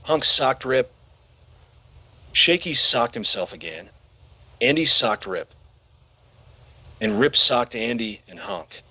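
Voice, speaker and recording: A man narrating a children's audiobook with expressive storytelling. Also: medium pitch, slow, pauses often, husky, no room sound.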